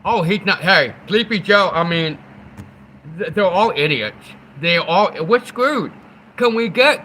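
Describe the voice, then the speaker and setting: A man's voice: high voice, bright, forceful tone, a little hiss or hum. A man chatting casually on a live stream, rambling and joking, often restarting his sentences. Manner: rambling, joking, starts over mid-sentence.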